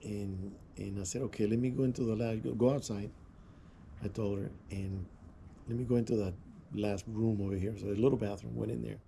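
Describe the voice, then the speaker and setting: A man's voice: fairly low pitch, steady tone, brisk, gravelly, warm tone, a little hiss or hum. A man vlogging, telling rambling anecdotes in a casual way, with restarts and chuckles. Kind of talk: casual storytelling.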